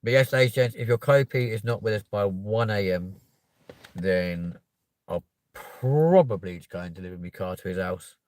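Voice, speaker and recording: Low-voiced sweary South West London man. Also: normal speed, darkish tone, dry recording. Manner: rambling, sweary, cheeky. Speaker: live streamer. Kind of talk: casual chat to viewers.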